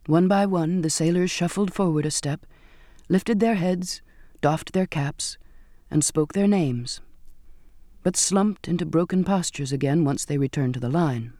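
Man, storybook narrator, first person, measured steady reading, fairly high pitch, dry close sound. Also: dry recording.

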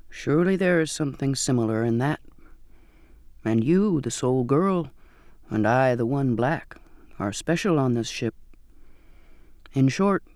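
A man reading an audiobook and voicing a soft-spoken, unsettling old sailor with a slow, courtly manner. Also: mid-range voice, no room sound, studio quality, voice pushed down, close to an everyday voice. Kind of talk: audiobook character voice.

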